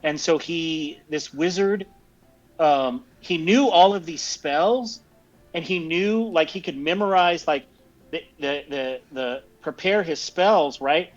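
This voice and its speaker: A man's voice: on the high side, slow. A man in his fifties tells a long, rambling story in casual chat, with many restarts. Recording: dull lo-fi audio with faint music.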